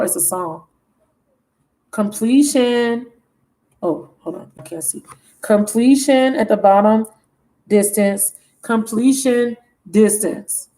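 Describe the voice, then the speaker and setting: Animated, chatty woman tarot reader. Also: medium pitch, poor audio. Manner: animated, exclamatory, chatty, self-interrupting. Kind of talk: casual tarot reading.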